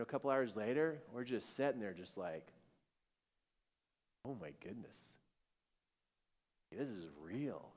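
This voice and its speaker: A middle-aged man telling a personal story in a playful, animated way, often laughing mid-sentence. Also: fairly low pitch. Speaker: speaker. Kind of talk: storytelling talk. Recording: echoey hall.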